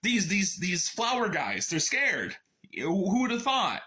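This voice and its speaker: A man casually summarizing and reviewing a book in a sarcastic, animated way. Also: high voice, measured pace.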